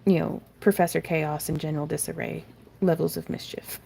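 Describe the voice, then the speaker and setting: A woman with a low, mellow, slightly gravelly voice hosts a live crafting stream from her home craft room. She chats in a loose, rambling way, pokes fun at herself and reads out viewer comments as she works. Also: fairly even intonation, a little fast. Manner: rambling and self-deprecating, laughs often, reads chat aloud. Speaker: craft tutorial host.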